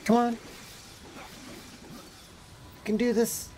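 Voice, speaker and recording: A woman's voice: lowish voice, moderate pace, a little mellow, slight background noise. A woman VTuber streaming a game live, reacting with frustrated swearing and chatting with her viewers. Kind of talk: live gameplay commentary.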